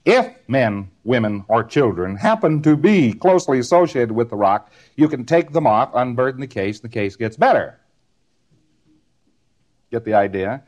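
A man's voice: mid-range voice, expressive, moderate pace, a little mellow. A man giving a recorded lecture, rambling and repeating words in rhythmic runs, often ending on a tag question.

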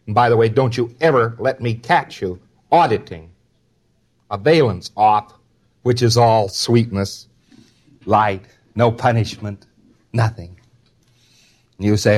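A man's voice: medium pitch, measured pace. A man delivering an informal spoken lecture in a conversational, wry manner, now and then acting out short quotes.

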